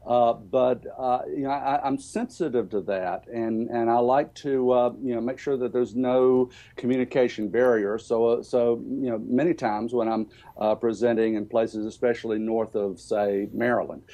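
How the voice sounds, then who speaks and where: An older man with a Southern accent, answering interview questions about education in a halting way, with many fillers and restarts. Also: mid-range voice, steady tone, mellow, dull audio. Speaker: education speaker.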